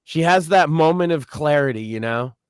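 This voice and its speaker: Guy on a podcast ranting hard, cussing a lot, kinda higher voice, dry close sound. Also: animated, normal speed, smooth, no room sound. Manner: ranting, emphatic, swearing. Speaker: podcast co-host. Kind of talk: casual chat.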